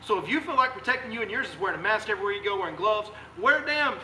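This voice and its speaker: Guide, male, heated live-stream rant, high voice, echoey recording. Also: animated, rapid-fire, sharp tone, a little hiss or hum. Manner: fiery, emphatic, repeats rhetorical questions. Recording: echoey room sound.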